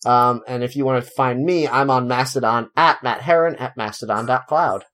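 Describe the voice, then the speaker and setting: A man hosting a casual podcast with a voice of ordinary pitch. He jokes in a dry, sarcastic way and laughs easily as he talks. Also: moderate pace, fairly bright tone. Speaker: podcast host.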